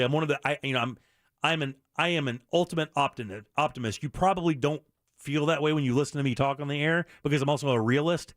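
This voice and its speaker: Fast-talking middle-aged radio host. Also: male voice, medium pitch, no room sound, studio quality. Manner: earnest and blunt, with frequent restarts. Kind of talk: candid talk radio monologue.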